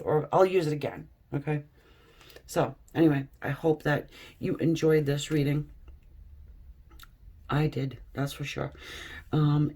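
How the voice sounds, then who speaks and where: Slow, reflective woman reading tarot. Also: low-pitched, warm tone. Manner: slow, reflective, reads card texts aloud, chatty asides. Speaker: tarot reader. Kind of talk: casual tarot reading to camera.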